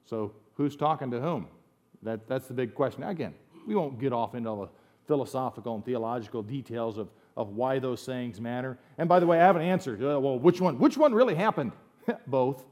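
This middle-aged American man preaches a sermon as a pastor, speaking conversationally before swinging into emphatic bursts. His voice is medium in pitch with a darkish tone.

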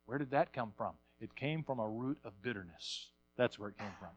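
A male pastor preaching a sermon, repeating words as he builds up, swinging from quiet asides to loud bursts. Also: medium pitch, lively intonation, a little fast, a little hiss or hum.

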